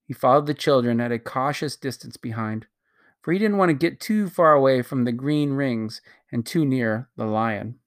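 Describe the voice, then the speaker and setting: A narrator reading a children's novel aloud at a steady pace, with occasional slips and restarts. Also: mid-range voice. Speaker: audiobook narrator.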